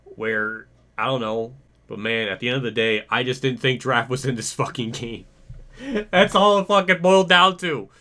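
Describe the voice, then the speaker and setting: Bright-voiced young man ranting. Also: mid-range voice. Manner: exasperated, ranting, swears, laughs it off. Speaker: gaming channel host. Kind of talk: casual gameplay commentary rant.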